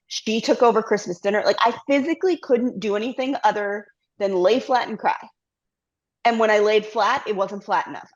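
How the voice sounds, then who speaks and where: A middle-aged woman guest, a company CEO, telling her story candidly in a conversational interview and slipping into quoted self-talk. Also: medium pitch. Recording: slightly muffled lo-fi audio.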